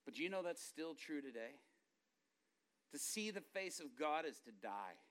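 A middle-aged man preaches with a bright, ringing voice pitched a little high. He tells stories casually, then drops to near whispers or climbs to loud, impassioned peaks. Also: big pitch swings, moderate pace. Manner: storytelling, swings from hushed murmurs to loud impassioned outbursts. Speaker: pastor. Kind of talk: sermon.

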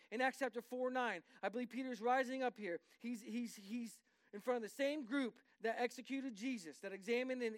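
A male pastor preaching a sermon, driving his points home in rising emphatic bursts and turning aside to speak to the congregation. His voice sits high and rings smooth and clear. The recording is close and dry, with no room echo.

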